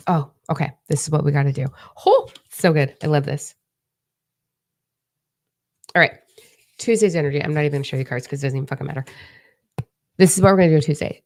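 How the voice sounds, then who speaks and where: A woman with a deep voice and a gravelly edge hosts a relaxed spiritual energy forecast. She speaks to her viewers frankly and encouragingly, and swears freely as she coaches them. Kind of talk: casual spiritual forecast, reading viewer comments.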